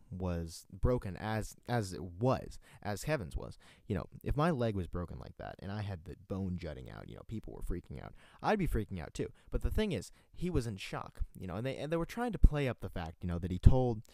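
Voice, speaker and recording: Rambling young man, low dark voice. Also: no room sound. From North Carolina, US. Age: late teens. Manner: rambling, self-mocking, full of fillers and restarts. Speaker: amateur radio host. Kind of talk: rambling solo radio talk. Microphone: headphones and desk mic.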